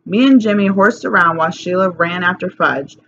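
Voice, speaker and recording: A woman reading a children's chapter book aloud in a lively, plain storytelling way. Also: fairly low pitch, brisk. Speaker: reader. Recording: slightly dull recording, faint hiss.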